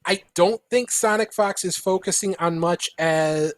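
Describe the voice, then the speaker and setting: A man co-hosting a live fighting-game show on a convention floor, giving measured predictions. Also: sits high, dry recording. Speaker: co-host. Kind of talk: live event commentary, making predictions. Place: large indoor convention hall floor.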